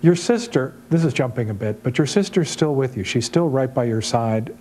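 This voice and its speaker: A man's voice: medium pitch, lively intonation, normal speed, dark tone, a little hiss or hum. A man hosting an interview, asking probing, conversational questions.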